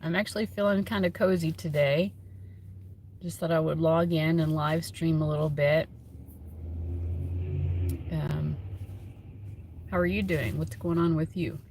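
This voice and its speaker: A woman's voice: low voice, fairly even intonation, unhurried, pauses often, a little mellow, slight background noise. A woman hosting a tarot livestream from home on her phone, chatting casually and rambling with lots of fillers. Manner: chatty and rambling, many fillers, laughs often.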